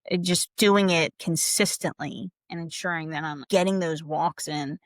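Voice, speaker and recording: A woman in her forties co-hosting a casual podcast, telling personal stories in an expressive, animated way as a coach. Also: sits low, moderate pace, dry recording, studio quality. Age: 40s.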